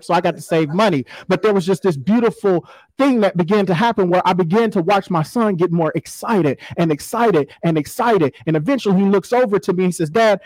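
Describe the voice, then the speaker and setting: A man's voice: high voice, darkish tone, no room sound, low-quality recording. A man, preaching a sermon in a folksy, conversational storytelling way. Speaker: pastor.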